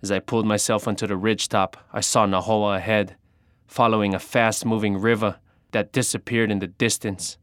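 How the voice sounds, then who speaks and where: A man narrating an adventure story in the first person, measured and dramatic. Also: lowish voice, level tone, a bit bright, no room sound, clean studio sound.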